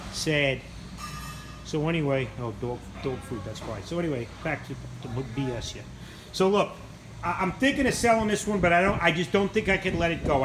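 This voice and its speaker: Male vlogger, rambling and self-deprecating, slightly high voice, echoey shop sound. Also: noisy background. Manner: rambling, self-mocking, swears casually. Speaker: channel host showing his machine shop. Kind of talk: casual rambling walk-through vlog. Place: indoor machine shop.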